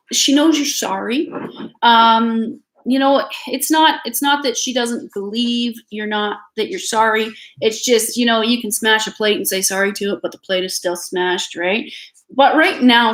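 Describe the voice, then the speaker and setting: Her voice is a little high and somewhat bright, captured on a rough recording. A Canadian woman doing a live tarot reading at home, she chats reassuringly with plenty of fillers and restarts as family noise drifts in.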